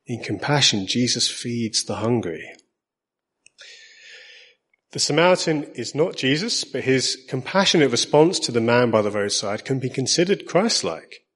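A man with an Essex accent preaching a sermon in a husky, mid-pitched voice. He speaks in a measured, earnest way and slows down on the points he wants to stress. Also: expressive, a bit bright.

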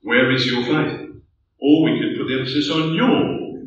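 A man's voice: mid-range voice, moderate pace, dull audio, slight background noise. A man preaching a sermon, earnest and building to rhetorical questions. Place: church hall. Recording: echoey distant church room mic.

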